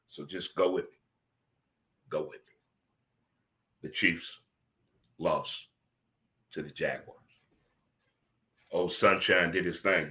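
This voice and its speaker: A man hosting a casual solo sports talk stream, talking straight to his audience in an animated, repetitive way. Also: low voice. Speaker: host.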